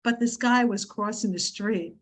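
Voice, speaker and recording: A woman co-hosting a casual chat, telling an anecdote with a dry, deadpan delivery. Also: medium pitch, moderate pace. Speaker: co-host.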